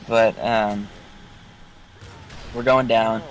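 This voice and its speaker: A man's voice: lowish voice, steady tone, very slow, rough recording. A man vlogging from inside his car, telling a story in a casual, rambling, joking way, with car noise in the background. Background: passing car noise.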